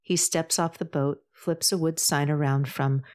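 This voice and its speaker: A woman with a notably low voice narrates a novel. She keeps a measured, even storytelling pace and reads the characters' dialogue within the narration. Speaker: audiobook narrator. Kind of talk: scripted narration.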